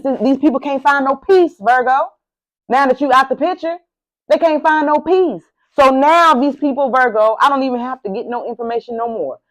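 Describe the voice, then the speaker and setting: A tarot reader speaks directly to the viewer via her camera mic, casual, sassy and profane, with lots of animation. Her voice is high-pitched and fairly bright, and the recording is rough.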